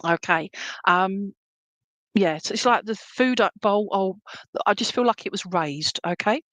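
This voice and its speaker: A woman's voice: mid-range voice, a little slow, fairly bright tone, dry recording. A woman giving a live psychic reading, reassuring and chatty, checking in often with "okay?". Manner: chatty and meandering, many fillers. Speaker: psychic medium.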